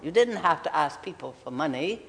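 A woman in her nineties, speaking earnestly and emphatically in an interview, slowly repeating key figures. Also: deep voice, expressive, creaky, a bit bright, in a large hall. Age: 90s. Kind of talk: conversational interview.

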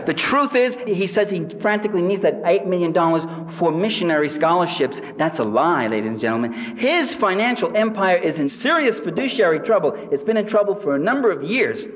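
A man's voice: sits high, sing-song, a little fast, few pauses. A man giving a satirical public lecture to a live audience, sardonic and mocking. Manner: sardonic, mimics quoted people with exaggerated voices. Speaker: speaker addressing a live audience. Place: large hall with audience. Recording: distant reverberant hall recording.

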